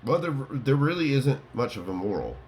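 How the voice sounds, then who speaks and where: A man's voice: mid-range voice, big pitch swings, normal speed, slight background noise. A man casually telling his viewers a rambling story, laughing and full of fillers. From Colorado. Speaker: vlogger.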